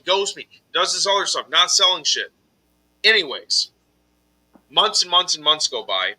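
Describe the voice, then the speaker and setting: A man tells a grievance story on a live stream, his voice very bright and slightly high. He swears constantly and gets loud when he acts out what he said back. It sounds like relaxed, unscripted chat among friends. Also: rough recording. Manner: heated, profane storytelling, voices his own outbursts loudly. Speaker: podcast host telling a story.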